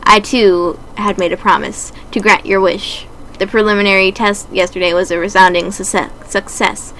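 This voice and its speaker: A woman voicing a calm, cold and sinister male doctor in a game, speaking in a soft, measured, condescending way. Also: mid-range voice, a little hiss or hum, close to an everyday voice, poor audio. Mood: smug.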